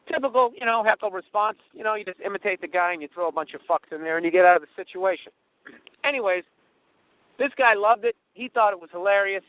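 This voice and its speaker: Comic host, high voice, swearing storyteller, tinny dry lo-fi sound. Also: male voice, fast talker, no room sound. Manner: profane, animated, does mocking voices of others. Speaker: comedian podcast host. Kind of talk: storytelling monologue.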